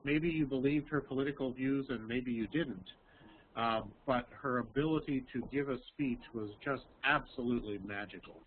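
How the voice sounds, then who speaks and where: Man teaching over a tinny call line. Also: mid-range voice. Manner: slow, explaining, many ums. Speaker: English teacher. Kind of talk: online language lesson. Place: Texas. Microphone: video call. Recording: tinny call audio, faint hiss.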